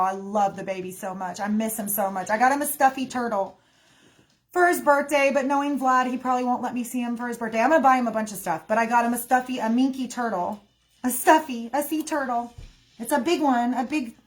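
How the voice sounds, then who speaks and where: A woman in her thirties speaking emotionally in a casual livestream, often calling her viewers y'all. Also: a little high.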